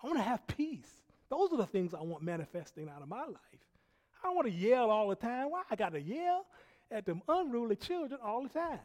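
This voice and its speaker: A man preaching a sermon, telling a personal story in an animated way, laughing often and dropping from loud bursts to hushed quiet. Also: very high-pitched, brisk. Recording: long hall reverb.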